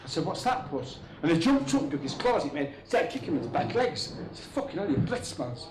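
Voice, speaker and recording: A man's voice: on the high side, sing-song, fast talker, a little mellow, slight background noise. A man telling rambling, crude jokes on stage, chuckling at his own punchlines. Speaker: stand-up comedian. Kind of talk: stand-up joke telling. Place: comedy venue with a live audience. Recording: echoey room, crowd laughter.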